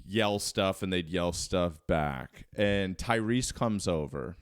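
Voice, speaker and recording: A man's voice: low voice, expressive, slow, clean tone, no room sound, clean studio sound. A man in his thirties from Baltimore, a podcast guest telling a rambling, self-deprecating story with many fillers. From Baltimore, Maryland. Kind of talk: casual storytelling.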